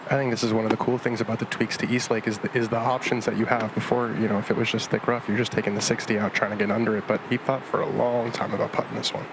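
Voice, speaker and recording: Male course analyst, brisk and analytical, heavy ambient noise. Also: on the low side, flat delivery, creaky. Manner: analytical, explanatory. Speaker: golf analyst. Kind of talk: shot analysis commentary.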